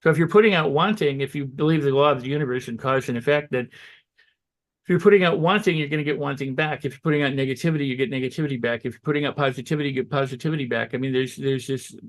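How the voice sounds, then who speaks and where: A man giving motivational self-help advice as a guest, talking loosely and acting out excited self-talk in quick quoted asides. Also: medium pitch. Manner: loose and conversational, with restarts and "you know". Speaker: guest on a holistic health show.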